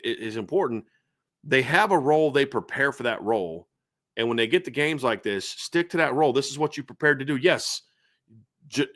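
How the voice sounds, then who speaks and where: Man, sports show host, animated casual talk, stammering restarts, dry close sound. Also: mid-range voice, no echo. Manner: animated, repeats words when starting sentences. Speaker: podcast host.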